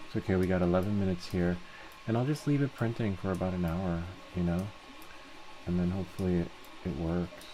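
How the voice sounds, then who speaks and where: Slightly fast and sitting low, a man's voice carries a bit of background noise. He's the host of a relaxed 3D printing tutorial, narrating his screen share and thinking through each step aloud as he works.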